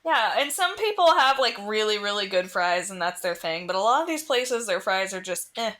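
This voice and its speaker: Young woman, American, casual podcast co-host, playful, agreeable, bright voice. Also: mid-range voice, big pitch swings, normal speed. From United States. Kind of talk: casual chat.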